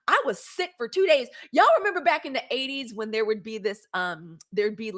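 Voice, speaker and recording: A woman in her forties hosting a livestream, talking candidly and emphatically straight to her audience, shouting out viewers by name and swearing, then apologizing for it. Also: medium pitch. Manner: greets viewers by name and thanks them for gifts. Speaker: host. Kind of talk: solo livestream commentary.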